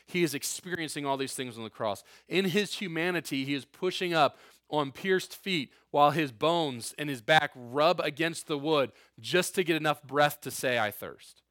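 A man's voice: a little high, moderate pace, a bit bright, no room sound, studio quality. A man preaching a conversational sermon as a pastor, earnest and emphatic with informal asides.

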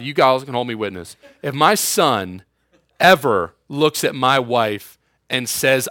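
A man's voice: mid-range voice, lively intonation, unhurried, pushed and bright, no room sound, clean studio sound. A young man preaching a sermon in a casual, joking way, acting out quotes and using sarcasm. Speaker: youth pastor.

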